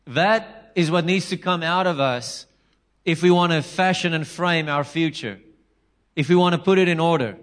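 A man preaching a conversational, animated sermon, acting out quotes and restarting phrases. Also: on the high side, moderate pace. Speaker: pastor.

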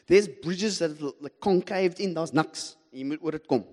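South african guy preaching, animated and funny, voice a little high, long echo in a church hall. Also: normal speed. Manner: animated, humorous, questions the audience. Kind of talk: sermon with personal storytelling.

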